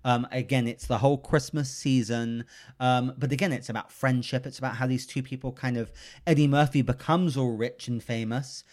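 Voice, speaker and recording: A man's voice: medium pitch, moderate pace. Man casually hosting a movie podcast. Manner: relaxed, conversational, walks through plots. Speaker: podcast host. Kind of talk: casual chat about movies.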